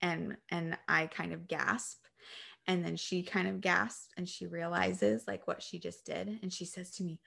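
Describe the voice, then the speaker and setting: A woman's voice: fairly low pitch, flat delivery, unhurried, gravelly, pushed and bright. A woman co-hosting a podcast, telling family stories in a chatty way with lots of fillers. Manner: chatty storytelling with frequent fillers. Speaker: podcast co-host. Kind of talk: casual chat.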